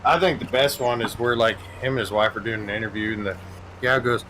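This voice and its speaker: A man hosting a gaming stream, chatting casually while he plays. He tells stories in an animated way, laughs often and swears freely. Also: mid-range voice, a little fast, slight background noise, rough recording. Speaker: gaming channel host.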